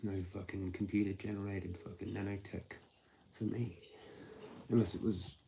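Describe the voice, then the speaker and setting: A man's voice: deep voice, flat delivery, normal speed, gravelly, dark tone, a little hiss or hum. An Australian man with an Australian accent, rambling loosely and swearing on a casual livestream, sometimes dropping into half-whispers. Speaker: livestream host.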